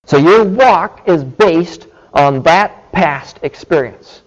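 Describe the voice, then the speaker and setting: Slow, deliberate preacher man. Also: a little high, expressive, muffled recording. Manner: slow, deliberate teaching with frequent "okay" check-ins. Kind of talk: sermon.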